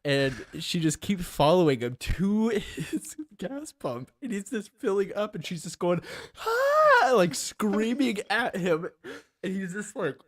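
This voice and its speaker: A man's voice: high voice, expressive, unhurried, no echo. A young man co-hosting a podcast, animatedly retelling a funny video between laughs. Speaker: podcast co-host. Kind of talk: casual chat.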